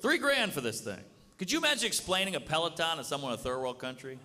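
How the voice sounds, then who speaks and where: A man's voice: very animated, fast talker. A man with an American accent doing a wry stand-up set with crowd work on a comedy club stage. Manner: wry, shifts between bright and low asides. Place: comedy club stage before a live audience. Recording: live hall with audience and background noise.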